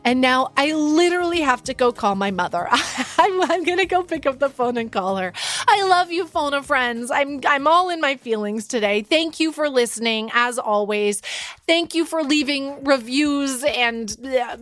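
A woman's voice: sits high, lively intonation, moderate pace, a bit bright, no room sound, faint music behind. A woman in her thirties hosting a podcast, chatting casually with playful, self-mocking humor. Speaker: podcast host. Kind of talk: casual chat.

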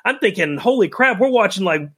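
Middle-aged male co-host, emotional and animated storyteller, voice a bit high. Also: a little fast, slightly rough. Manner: animated, emotional, acts out quotes. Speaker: podcast co-host. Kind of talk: casual storytelling chat.

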